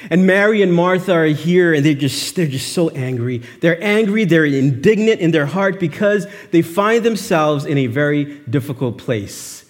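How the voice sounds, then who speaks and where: A man delivers a sermon with a casual, conversational manner, leaning on rhetorical questions and dramatized pleas. His voice sits a little high. A long reverb trails each phrase, as in a large hall. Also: lively intonation, normal speed, few pauses. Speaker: pastor.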